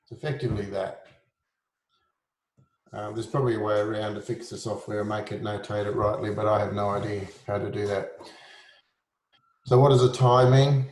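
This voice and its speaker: A man teaching a relaxed, informal music lesson. He explains rhythm, sings beats on "da", and jokes at his own expense. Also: lowish voice, normal speed, long pauses, echoey room, a little hiss or hum.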